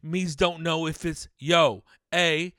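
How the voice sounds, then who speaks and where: A man's voice: a little high, steady tone, takes it slowly, pushed and bright, no echo, studio quality. A man hosting a podcast who puts on a fake British accent and rants angrily in slang, swearing a lot. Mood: irritated rant. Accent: put-on British. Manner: angry, rambling rant. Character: man in a mock British persona, irritable and ranting. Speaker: podcast host. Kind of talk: solo podcast monologue.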